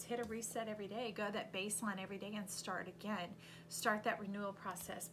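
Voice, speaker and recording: In this tarot reading monologue, an intuitive reader with a middle-pitched voice animatedly coaches the listener through a spread, voicing the cards. Every so often she bursts out loudly and emphatically, over a faint background hum.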